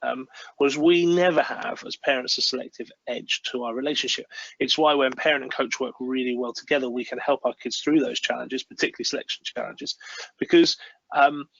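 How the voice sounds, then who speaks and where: Male guest, bright forward tone, dry dull video-call sound, earnest. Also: medium pitch, fairly even intonation, a little fast, creaky, dry recording. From United Kingdom. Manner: earnest, acts out parent-child dialogues. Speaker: guest speaker on parenting. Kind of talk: webinar talk.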